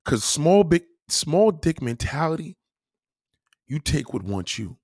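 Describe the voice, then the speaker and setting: Man, young, livestream host, husky voice, dry close sound, blunt and profane. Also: on the high side, very animated, slow pace, darkish tone, no echo. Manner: blunt and profane, with repeated restarts. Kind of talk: casual livestream rant.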